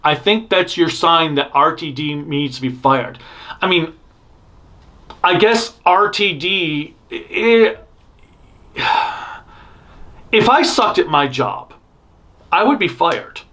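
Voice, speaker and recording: A man's voice: fairly high pitch, animated, slow, pauses often, sharp tone. A man hosting a fan news show, rambling through blunt opinions with frequent restarts and self-interruptions. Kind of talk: casual opinionated news commentary.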